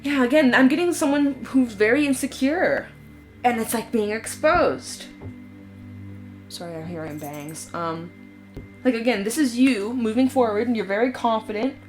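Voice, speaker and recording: A woman giving a casual tarot reading, chatty and frank, swearing freely and using lots of fillers. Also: mid-range voice. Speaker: tarot reader.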